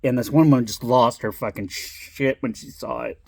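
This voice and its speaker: A man's voice: mid-range voice, fairly even intonation, moderate pace, creaky, dry recording. A middle-aged man telling a personal story in a rambling, casual way, swearing and laughing as he goes. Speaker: vlogger.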